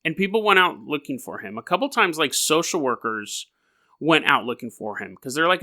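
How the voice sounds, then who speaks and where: Bright, rambling male podcast host. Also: a little high, sing-song, a little fast. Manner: rambling, jokey asides. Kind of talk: casual storytelling podcast.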